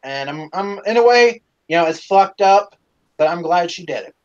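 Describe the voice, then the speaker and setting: A man hosting a live stream, casually telling stories to fans in an animated, profane way with lots of fillers. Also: high voice, normal speed, highs cut off.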